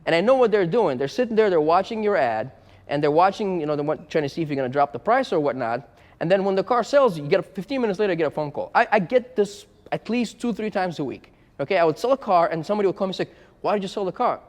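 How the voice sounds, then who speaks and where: A man's voice: sits high, animated, fast, long reverb tail. A man who runs a used car business, talking frankly and bluntly to the camera in a casual vlog and repeating himself as he goes.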